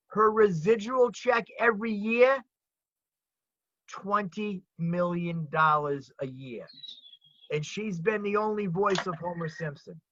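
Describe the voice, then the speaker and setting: Older Rhode Island comic on a dull, dry video call, high and bright, emphatic storyteller. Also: male voice, no echo. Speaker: comedian guest. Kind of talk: casual chat on a video call.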